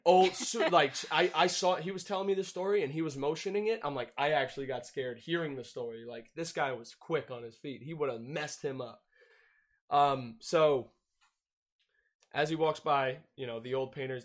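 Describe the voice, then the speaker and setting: A man's voice: a little high, moderate pace. A young man casually telling a profane, laughing story on a podcast. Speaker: podcast host.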